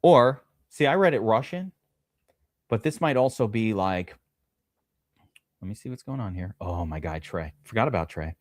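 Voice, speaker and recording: A man's voice: on the low side, no room sound, studio quality. A man hosting a live fantasy football draft stream, chatting loosely with viewers, reading out their names and swearing casually. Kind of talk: casual livestream chat.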